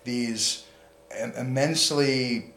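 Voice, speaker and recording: A man co-hosting a casual talk show, speaking in a dry, skeptical and measured way. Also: mid-range voice, a bit bright, roomy sound. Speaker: podcast co-host. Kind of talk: casual chat.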